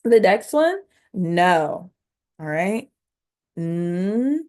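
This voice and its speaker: This phonics teacher has a medium-pitched, animated voice with a darker tone. On video she talks right to her learners, slowly and instructively sounding out each syllable while offering encouragement.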